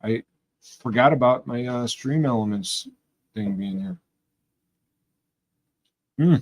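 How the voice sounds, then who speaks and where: A man's voice: mid-range voice, slow pace. Chatty man from Western New York. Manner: rambling, chatty, talks to chat. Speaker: livestream host. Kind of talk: casual chat with live viewers.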